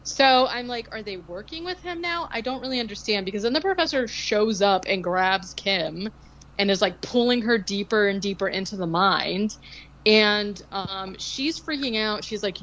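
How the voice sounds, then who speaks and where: A woman's voice: mid-range voice, moderate pace, fairly bright tone. Woman, podcast co-host, casual rambling recap, sarcastic asides, slightly dull lo-fi audio. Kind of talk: casual movie recap chat.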